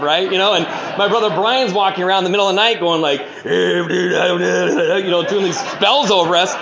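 A man telling his life story to an audience in a rambling way, full of "you know", with dark humor. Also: high voice, highs cut off. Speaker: speaker sharing his recovery story.

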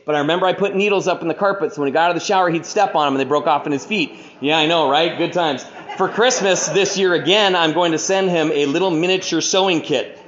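A man telling his life story to an audience in a rambling way, full of "you know", with dark humor. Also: on the high side, quick pace, few pauses, lo-fi sound. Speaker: speaker sharing his recovery story.

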